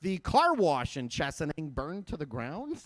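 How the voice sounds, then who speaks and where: A man's voice: on the high side, huge pitch swings, unhurried, no room sound. Joking young man from Michigan. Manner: jokey, laughs at his own lines. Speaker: stand-up comedian. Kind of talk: stand-up comedy set.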